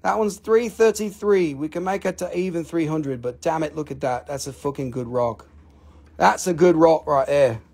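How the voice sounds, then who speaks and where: Man hosting a live rock sale, profane and joking, gravelly, husky. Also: fairly high pitch, moderate pace, a little mellow. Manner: profane, joking, rambling salesman. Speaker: host selling rocks on a live stream. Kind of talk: casual live-stream sales talk.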